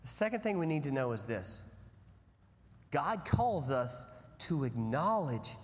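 A man, a pastor preaching, with a fairly high and very lively voice. He tells his stories with bursts of volume, then drops low and quiet. His voice carries a long reverb through a large sanctuary. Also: a little slow. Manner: animated storytelling, swinging from loud to hushed. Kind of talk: sermon. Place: church sanctuary.

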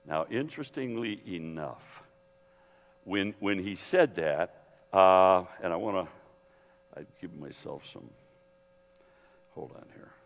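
A man teaching a Bible seminar in a lively, digressive sermon style, full of restarts and asides, speaking to an audience in a hall. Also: deep voice, slow, long pauses. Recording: long hall reverb.

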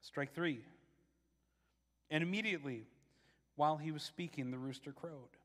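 A man gives a conversational sermon, often doubling his words as he starts his thoughts. His voice sits high and sounds bright and forceful. A long reverb from a large hall trails each phrase. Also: normal speed. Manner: conversational, repeats words when starting sentences. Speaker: pastor.

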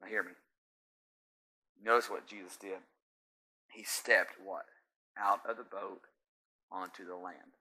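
A man preaching a sermon as pastor, swinging from hushed intensity to shouting and quizzing his congregation with call-and-response questions. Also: sits low, fairly even intonation, measured pace, long pauses.

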